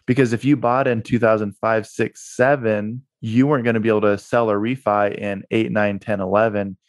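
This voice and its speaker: Lower-pitched man, energetic storyteller. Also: normal speed, no echo, clean studio sound. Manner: energetic storyteller who repeats words for emphasis. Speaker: guest, real estate investor and broker. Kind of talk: podcast interview. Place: Utah.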